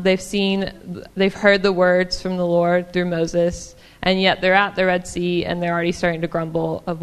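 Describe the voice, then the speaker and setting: A woman's voice: lowish voice, clean tone. Woman with a drawl, preaching in a reverberant hall. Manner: warm, chatty, many ums and small laughs. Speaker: church speaker. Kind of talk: casual sermon.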